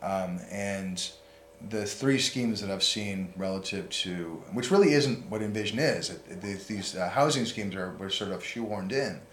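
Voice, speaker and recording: A man with a somewhat low voice co-hosting a casual talk show, measured and dryly skeptical. The room is echoey, with a faint hiss running underneath. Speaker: podcast co-host. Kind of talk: casual chat.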